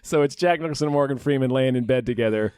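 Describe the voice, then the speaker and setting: A man's voice: mid-range voice, quick pace, a little mellow, smooth, dry recording. A man co-hosting a podcast in casual chat, wry and joking, swearing casually. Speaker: podcast co-host.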